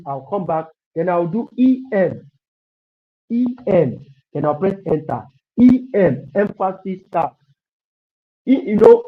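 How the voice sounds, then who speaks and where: A man teaching web coding in a live online class. He repeats himself often and encourages the students while he types. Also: sits high. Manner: repetitive, encouraging, thinks aloud while typing. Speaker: coding instructor. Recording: dull lo-fi stream audio.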